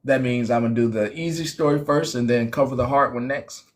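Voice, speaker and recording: A man's voice: medium pitch, a little fast. A man hosting a casual call-in show, laid-back and laughing often, sometimes losing his train of thought. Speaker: host of an online call-in show. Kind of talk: casual live-stream chat.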